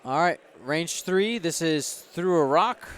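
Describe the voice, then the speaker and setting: A man with a fairly high, lively voice speaks slowly and smoothly. He hosts and commentates a game tournament livestream, chatting upbeat with viewers, hyping the chat and running giveaways.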